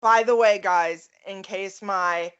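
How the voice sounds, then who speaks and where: A middle-aged New York woman with a thick Queens, Long Island accent co-hosts a casual podcast, animated and full of laughter and rants. Her mid-range voice moves slowly with a clean tone, though the recording is lo-fi.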